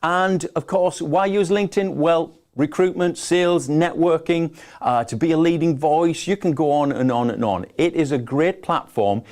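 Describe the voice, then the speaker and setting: A man's voice: fairly high pitch, normal speed, darkish tone. A man with a northeast English accent hosting a live business webinar, chatty and enthusiastic as he greets viewers and presents. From northeast England. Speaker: webinar host. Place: home office.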